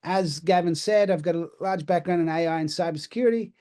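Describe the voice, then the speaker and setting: A man's voice: high voice, fast, dark tone. A man from Australia with an accent mixing Australian, British and American, giving a chatty, self-deprecating webinar presentation. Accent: Australian mixed with British and American.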